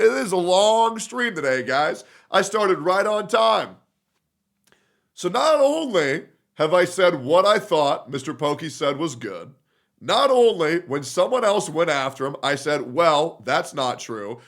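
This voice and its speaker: A young man talks to his live chat in a heated, argumentative rant, swearing freely. His voice is bright and fairly high, and it swings widely in pitch as he presses his points. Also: animated, unhurried, vocal fry. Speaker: streamer.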